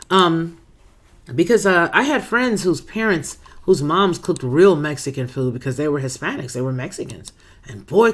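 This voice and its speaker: A chatty woman hosts a laid-back livestream, reading out viewer comments one by one. Her greetings swoop up with animated warmth, and she calls viewers girl, baby and boo-boo. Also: on the low side. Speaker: livestream host.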